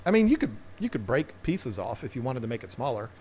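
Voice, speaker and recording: A man's voice: mid-range voice, sing-song, a little fast, darkish tone, slightly rough. A man hosting an aquarium live stream, chatting in a casual, rambling, playful way with viewers. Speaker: aquarium channel host.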